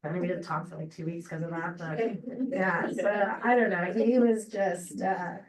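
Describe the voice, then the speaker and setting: A woman giving an unscripted memorial tribute to a friend, halting and rambling with many fillers and restarts. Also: fairly low pitch, slight background noise. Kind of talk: emotional unscripted memorial speech. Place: memorial gathering room. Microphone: distant laptop or room mic on a video call. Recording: roomy, distant video-call audio.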